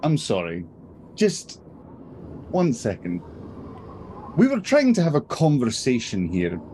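A man voicing a gruff, exasperated male dwarf warrior with a heavy accent, ranting indignantly in a tabletop game. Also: medium pitch, wildly swooping pitch, slow pace, warm tone, slight background noise, heavily acted. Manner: heavily accented, indignant rant.

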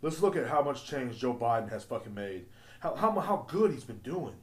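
A man's voice: mid-range voice, expressive, moderate pace. A man ranting profanely and rambling as a podcast host. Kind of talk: casual solo rant. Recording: roomy echo.

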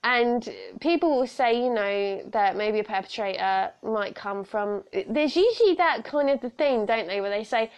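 A young woman hosts her podcast alone from home, talking frankly and earnestly with plenty of asides. Her voice sits a little high with a clear gravelly fry. Recorded close on a podcast microphone. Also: expressive, a little slow. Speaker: podcast host. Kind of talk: casual solo podcast talk on personal safety. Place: room at home.

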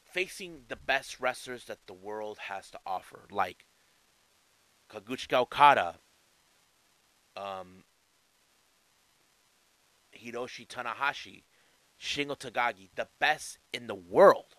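A man's voice: medium pitch, big pitch swings, a little slow, pauses often, pushed and bright, no room sound, poor audio. A man giving casual wrestling news commentary in a chatty way, often restarting and adding asides.

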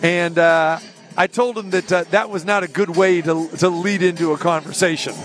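A man hosting a live radio show from an arena, telling a story in a casual, animated way and acting out the people in it. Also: high voice, normal speed. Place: arena during a live broadcast. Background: music and an arena crowd.

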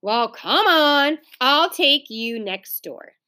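Woman reading a busy mom, practical, mildly exasperated, lively bright voice, storybook reading. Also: sits high, slow pace, voice pushed up, exaggerated voice.

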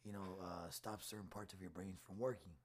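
Brief: deep, husky man, animated storyteller, casual podcast chat. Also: brisk. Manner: animated storyteller acting out quotes.

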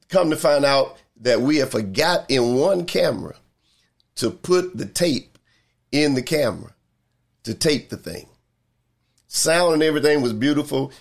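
Older pastor guy preaching, keeps repeating himself for emphasis, slows way down on the big lines. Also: mid-range voice, animated, gravelly. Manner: repetitive, emphatic preaching with drawn-out pauses. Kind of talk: sermon.

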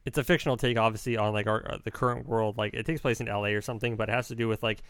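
Young male podcast co-host; quick, rambling, opinionated delivery in a dry, close sound. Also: lowish voice, steady tone, a bit bright, smooth, no echo. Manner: rambling, self-correcting, opinionated. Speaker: podcast co-host reviewing films. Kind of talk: casual chat.

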